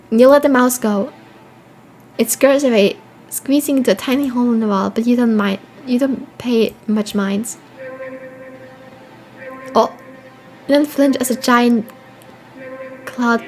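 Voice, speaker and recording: A woman's voice: fairly high pitch, a little slow, pauses often, faint music behind, rough recording. A woman streaming a horror game, reading its text aloud and reacting with swearing and laughter.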